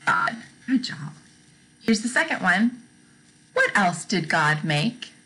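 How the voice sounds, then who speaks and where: A young woman teaching a gentle Bible lesson to toddlers, asking questions, repeating them and praising often. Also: fairly low pitch, very animated, slow, low-quality recording. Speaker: children's teacher.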